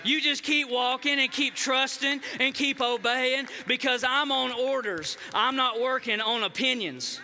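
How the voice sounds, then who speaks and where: A man's voice: very high voice, a little slow, hardly any pauses, sharp tone, long reverb tail. A male pastor preaching a sermon in a church, fervent and driving, building on repeated phrases. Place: church sanctuary.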